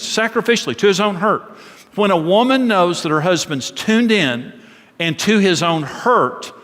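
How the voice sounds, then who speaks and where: A middle-aged man preaches with earnest emphasis, his voice a little higher than most men's. He sounds like he is in a church sanctuary, and his words ring out with a long, echoing reverb. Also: sharp tone. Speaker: pastor. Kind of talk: sermon on marriage.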